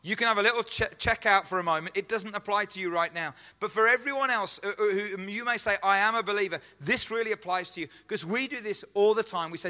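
A man's voice: high-pitched, quick pace, hardly any pauses, sharp tone. A man preaching a sermon as pastor, earnest and emphatic, repeating key phrases and asking rhetorical questions. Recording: echoey hall.

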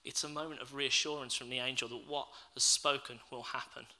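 A man's voice: medium pitch, level tone, fairly quick, pushed and bright, low-quality recording. A man preaching a sermon, reading scripture and then reflecting aloud and asking his listeners questions.

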